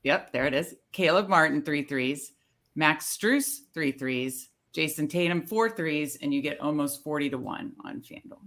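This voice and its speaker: An easygoing woman gives her betting picks on a sports panel with hesitant fillers. Her voice is bright and forward. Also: sits low, moderate pace. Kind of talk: casual sports betting chat.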